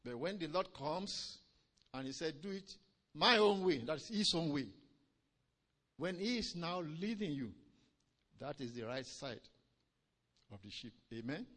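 A man preaching a sermon, swinging between loud emphatic lines and low quiet ones, drawing out key words and calling "Amen?" to the congregation. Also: sing-song. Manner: drawn-out stresses on key phrases.

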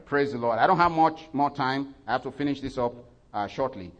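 A man preaching a sermon, voice climbing loud and high when he reads scripture, then dropping soft for his asides, with frequent fillers and self-corrections. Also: a little fast, muffled recording.

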